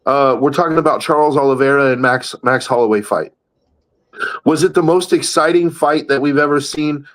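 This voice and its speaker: A man talking in a blunt, emphatic way on a casual podcast, cursing as he drives his points home. He sits at a middle pitch and keeps restarting his sentences as he pushes each argument. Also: moderate pace, fairly bright tone, low-quality recording. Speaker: podcast co-host. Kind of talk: casual chat.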